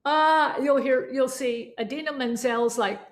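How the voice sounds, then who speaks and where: A woman's voice: a little high, a little slow, gravelly. A woman teaching a voice lesson, coaching students through exercises and demonstrating sounds aloud. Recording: echoey room with faint instrument.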